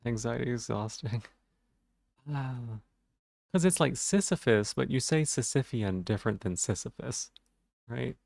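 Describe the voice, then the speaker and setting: Male game streamer, stutters on some words, rambling and self-deprecating, middle-pitched voice. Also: animated, a little slow, creaky, long pauses, a little mellow, dry recording, studio quality. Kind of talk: casual live-stream chat.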